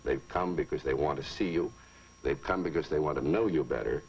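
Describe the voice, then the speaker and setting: A man's voice: rumbling low, fairly quick, slightly rough, lo-fi sound. A man with a New England accent, chatting in a wry, self-deprecating way on a 1950s TV broadcast. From South Africa. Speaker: guest on a boxing telecast. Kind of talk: 1950s TV chat.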